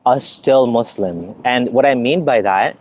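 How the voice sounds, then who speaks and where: A man's voice: mid-range voice, a little slow, a little mellow, slight background noise. Earnest man on a dull lo-fi line. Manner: earnest, explains at length with frequent restarts. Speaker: guest. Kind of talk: conversational interview.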